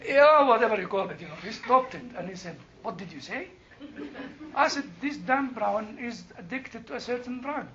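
High, bright older man teaching Bible class. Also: dull audio, a little hiss or hum. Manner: animated, laughing, rising to emphatic bursts. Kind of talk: classroom storytelling and Q&A.

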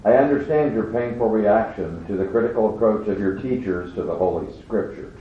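Low-voiced man reading aloud from afar. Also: brisk, slight background noise. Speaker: group member reading aloud. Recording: distant, very echoey, tinny room recording.

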